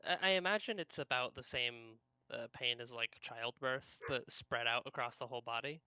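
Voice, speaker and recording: A player in a tabletop game on a live stream, hesitant and playful, filling pauses with ums and likes. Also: medium pitch, sharp tone, clean tone, no room sound. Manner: hesitant, lots of fillers, playful. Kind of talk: casual chat at a tabletop game.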